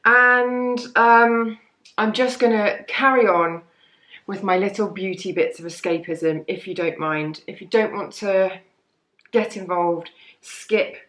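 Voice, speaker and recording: A woman's voice: mid-range voice, steady tone, slow pace, a bit bright, reverberant. Chatty woman reviewing beauty products. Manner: chatty, rambling, self-deprecating. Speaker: beauty vlogger.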